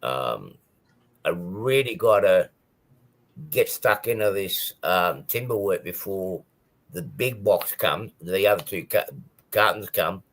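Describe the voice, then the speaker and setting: A man's voice: deep voice, lively intonation, slow pace, fairly bright tone. A man chatting casually on a live stream about his model railway, rambling with many ums and restarts.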